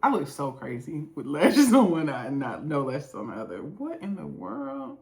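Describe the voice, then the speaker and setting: A woman's voice: a bass voice, very animated, fairly quick, a crowd in the background. A woman hosting a casual reaction video while doing her makeup, emphatic and giving advice, repeating herself for stress.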